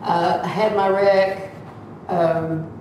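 A woman of seventy tells a lively church testimony and acts out the voices of the people in her story. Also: fairly low pitch, takes it slowly, slight background noise. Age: 70s. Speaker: church member giving a testimony. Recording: echoey hall, distant mic.

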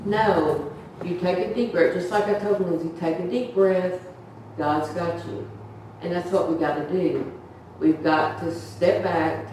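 A woman's voice: fairly low pitch, dark tone, slight background noise. Older woman, earnest church testimony, rambling, very echoey room, heard from far off. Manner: earnest, rambling, acts out quoted voices. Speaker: church member giving a testimony.

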